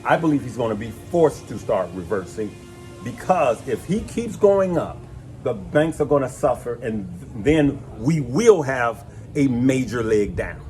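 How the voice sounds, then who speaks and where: Animated man telling stories. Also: medium pitch, unhurried, soft background music. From West Side of Chicago. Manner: animated, folksy, addresses viewers as "good people" and "y'all". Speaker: host. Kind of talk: casual chat and storytelling.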